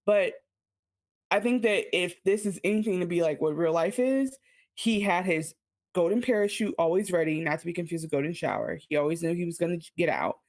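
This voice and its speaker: A woman's voice: lowish voice, a little fast, a little mellow. A woman co-hosting a podcast, chatting casually about a TV episode with rambling, self-interrupting asides. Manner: rambling, many restarts, giggly asides. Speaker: podcast co-host. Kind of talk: casual TV recap chat.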